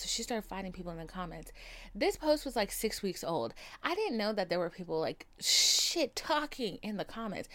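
A woman hosting a podcast, telling a story in a casual rant, swearing freely and acting out what other people said. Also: mid-range voice. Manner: profane, animated, mimics people in quotes. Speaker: podcast host.

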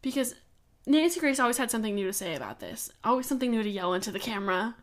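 A woman's voice: a little high, expressive, very fast. A young woman co-hosting a true-crime podcast, talking casually and with strong opinions, laughing often and swearing. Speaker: podcast co-host.

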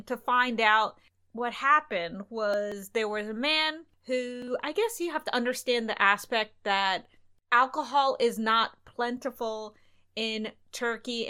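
A young adult woman co-hosting a travel podcast, telling stories in a lively way and acting out bits of dialogue. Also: on the high side. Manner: animated, recounts events with quoted dialogue. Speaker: podcast co-host. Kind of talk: casual travel storytelling.

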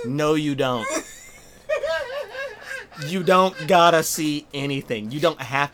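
Animated, high-voiced male podcast guest. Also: normal speed, pauses often, a crowd in the background. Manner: animated storyteller who acts out quotes. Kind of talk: casual conversation.

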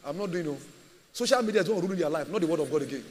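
A man's voice: on the high side, lively intonation, very fast, a little mellow, long reverb tail. A man preaching a sermon as a pastor, emphatic and repetitive, firing rhetorical questions at his church.

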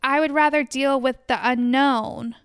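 A woman's voice: sits high, steady tone, measured pace, clear, resonant tone. A young woman co-hosting a podcast, chatting candidly and bluntly about herself. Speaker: podcast co-host. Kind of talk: casual chat.

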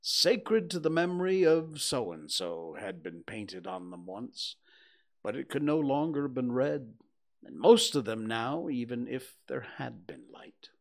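A man reading a story aloud with slow, dramatic narration. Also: mid-range voice, lively intonation, vocal fry, darkish tone. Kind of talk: audiobook narration.

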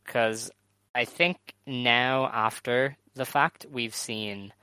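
Smooth, bright-toned man reviewing casually. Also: medium pitch, fairly even intonation, dry recording. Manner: measured, many "um"s, runs through show details. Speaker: podcast co-host. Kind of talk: casual chat reviewing wrestling shows.

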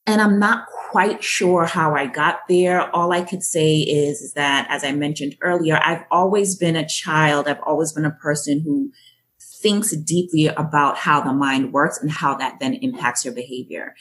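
A woman from Jamaica answers interview questions with thoughtful, measured storytelling. Her voice sits low in pitch and she takes her time. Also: a bit bright. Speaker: guest.

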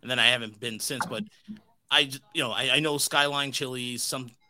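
A man's voice: mid-range voice, quick pace. A man hosting his podcast in casual chat, ranting with lots of swearing. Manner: profane, animated ranting. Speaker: podcast host.

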